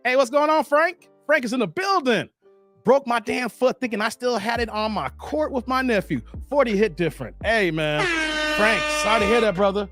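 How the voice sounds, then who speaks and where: A man around forty hosting a casual livestream, slangy and animated, laughing and chatting with viewers. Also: extremely high pitch, normal speed, faint music behind. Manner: animated, slangy, laughs often, chats with the chat. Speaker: livestream host. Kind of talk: casual livestream chat reading viewer comments.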